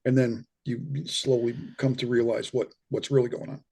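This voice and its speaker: A middle-aged guest in a casual interview, a near-death experience researcher, talks through his views, restarting often and repeating words. His mid-range voice is mellow and husky, with a flat delivery at a normal speed.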